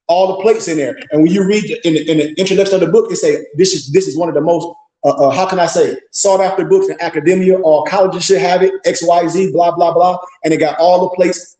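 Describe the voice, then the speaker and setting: Animated high-voiced man in an echoey room. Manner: animated, boastful storytelling with quoted voices. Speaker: pastor and teacher. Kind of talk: casual livestream talk.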